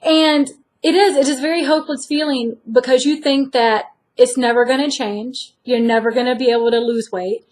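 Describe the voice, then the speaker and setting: Woman, high voice, earnest, encouraging, candid vlog talk. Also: steady tone, moderate pace, a little mellow. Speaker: vlogger sharing her weight loss journey. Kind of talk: candid direct-to-camera talk.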